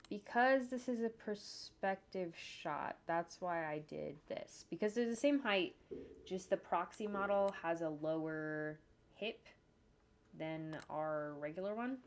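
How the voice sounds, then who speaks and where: A woman with a lowish voice narrates her animation work casually as she goes. She thinks aloud, tosses in jokey asides and hums to herself. Faint typing and mouse clicks sit behind her. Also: takes it slowly. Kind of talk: casual narration while working on screen. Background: faint computer keyboard typing and clicks.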